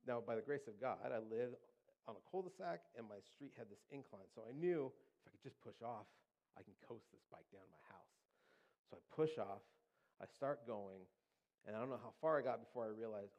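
A man's voice: medium pitch, lively intonation, moderate pace, a little mellow, low-quality recording. A man preaching as pastor, casual and joking, acting out the voices of his family as he tells a story. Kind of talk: sermon with personal storytelling. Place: church.

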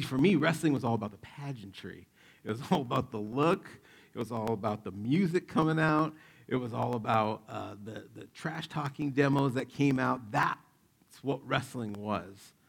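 A man in his forties preaching a sermon, telling stories in an animated, joking way and acting out the quotes. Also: medium pitch, vocal fry, slightly rough. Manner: animated, jokey, acts out quotes. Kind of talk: sermon with personal storytelling.

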